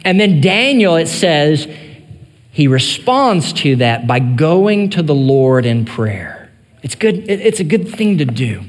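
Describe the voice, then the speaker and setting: A male pastor preaching an earnest sermon, rising in emphasis and then dropping to soft, quiet phrases. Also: fairly high pitch, big pitch swings, slow, in a large hall.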